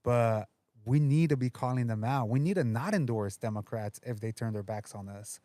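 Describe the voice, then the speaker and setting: A man's voice: mid-range voice, moderate pace, warm tone, dry recording. Union organizer guy, earnest plain talk, dead dry sound. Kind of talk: podcast guest conversation.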